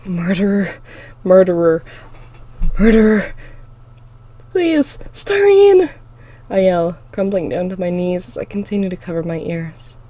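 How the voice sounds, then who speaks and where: A woman reading her own story aloud in the first person, with expressive, emotional delivery. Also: on the low side.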